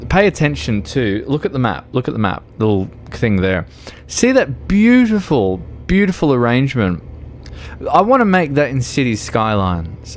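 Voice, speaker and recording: With slight background noise behind his medium-pitched voice, an Australian-accented man from Melbourne chats drunkenly while streaming a driving game. He rambles, swears, and laughs a lot in casual conversation.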